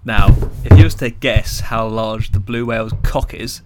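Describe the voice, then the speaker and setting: A man's voice: on the low side, level tone, moderate pace, very noisy. A man, co-hosting a podcast in crude casual banter, swearing freely and laughing often. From England. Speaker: podcast co-host.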